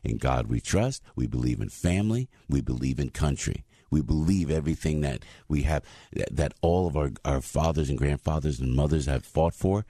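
A man in his sixties with a New Jersey accent, telling stories in an animated monologue as a talk show host. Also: very deep voice, normal speed, husky, dry recording, clean studio sound. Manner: animated, acts out voices. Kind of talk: storytelling monologue.

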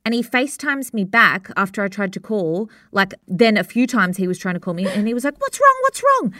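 A woman's voice: medium pitch, brisk, sharp tone, no echo, studio quality. A pregnant woman in her thirties, co-hosting a podcast and telling stories in a chatty way with frequent laughs. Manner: chatty storyteller, laughs often. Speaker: podcast co-host. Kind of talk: casual chat.

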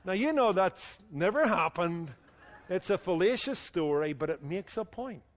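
A man preaching a sermon, telling jokes and stories in an animated way and acting out the people in them. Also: high voice, measured pace. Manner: animated storytelling with voiced quotes. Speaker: pastor. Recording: hall reverb.

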